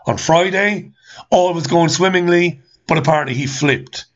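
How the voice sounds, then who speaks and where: A talk show host rants angrily while reading listener comments, firing off repeated rhetorical questions and swearing. His voice is on the high side, at a normal pace, with lo-fi sound.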